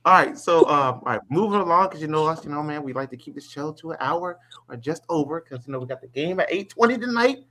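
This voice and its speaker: A man's voice: fairly high pitch, expressive, fast talker, fairly bright tone, a little hiss or hum. A young man hosting a casual sports podcast, talking loosely and laughing a lot. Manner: laid-back, loose, laughs a lot, lots of "you know what I'm saying". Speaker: podcast host.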